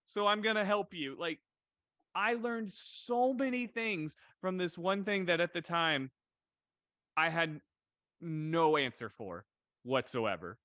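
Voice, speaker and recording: Bright-voiced man telling a game story. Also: on the high side, animated, slow pace, pauses often, dry recording, clean studio sound. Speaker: dungeon master. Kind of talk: casual storytelling chat.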